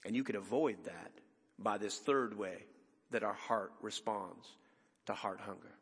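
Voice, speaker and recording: A man preaching a sermon as pastor, emphatic and conversational with dramatic pauses, in a church sanctuary. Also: fairly low pitch, a bit bright, breathy edge, in a large hall.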